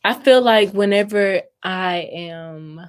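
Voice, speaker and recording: A woman's voice: medium pitch, slow pace, slight background noise. A young adult woman from Mississippi with a Southern US accent, chatting casually with viewers on a crafting livestream and answering their comments.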